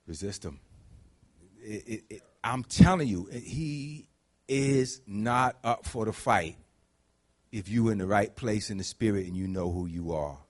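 A man preaching a conversational sermon, dropping to low murmurs and climbing to high shouts. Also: unhurried. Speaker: pastor.

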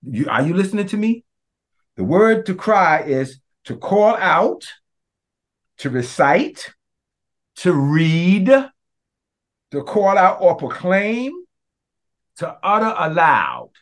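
A man, a pastor preaching a sermon, who prays in a hushed voice and then preaches with passion, often calling out to his congregation. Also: sits high, very animated, slow, long pauses. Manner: impassioned preaching that turns to the congregation; hushed, prayerful delivery.

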